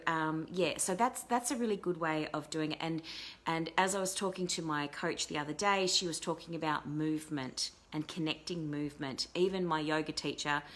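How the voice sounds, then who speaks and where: This life coach is a middle-aged woman whose low-pitched voice carries a bit of brightness. Hosting a casual live-stream talk show, she chats loosely, often restarting and leaning on filler words.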